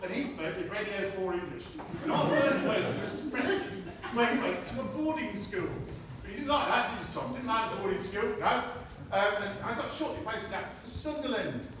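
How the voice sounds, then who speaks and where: A man's voice: high voice, animated. Man's echoey, distant farewell speech. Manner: halting and anecdotal, with frequent restarts and chuckles. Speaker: retiring army medic giving a farewell speech. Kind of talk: informal farewell speech to friends. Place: indoor gathering in a historic hall at night. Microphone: friend's phone held at a distance. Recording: distant phone recording, very echoey room, audible noise. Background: room ambience of a gathering.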